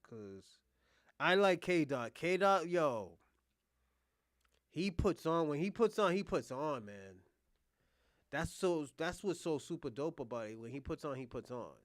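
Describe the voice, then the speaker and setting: Excitable man in lively casual banter. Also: fairly high pitch, no room sound, studio quality. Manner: loud playful teasing. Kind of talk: casual chat.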